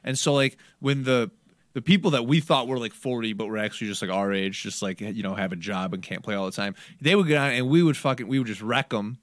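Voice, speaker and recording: A man's voice: medium pitch, quick pace, no echo, clean studio sound. A young adult man hosting a podcast, trading crude, laid-back banter full of fillers. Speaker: podcast host. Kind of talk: casual podcast chat.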